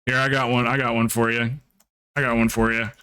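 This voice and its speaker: Streamer, male, mild Southern accent, mid pitch, smooth voice, rambling casual anecdotes. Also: brisk. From American South. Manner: relaxed, rambling storytelling. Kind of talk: casual chat.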